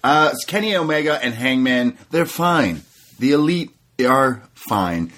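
A man co-hosting a casual chat, talking as a relaxed and enthusiastic wrestling fan. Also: medium pitch, unhurried. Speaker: co-host.

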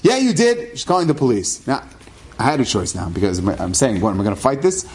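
Middle-aged rabbi guy telling a story from his week, lively, drops hebrew words in, average pitch. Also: fast talker. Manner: animated, sprinkles Hebrew and Yiddish terms. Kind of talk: personal storytelling talk.

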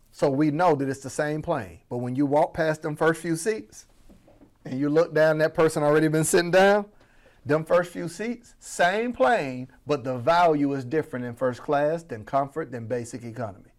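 A man from Florida coaching on business, talking to the audience as family with a playful, animated delivery. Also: on the high side, moderate pace. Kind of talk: energetic motivational teaching.

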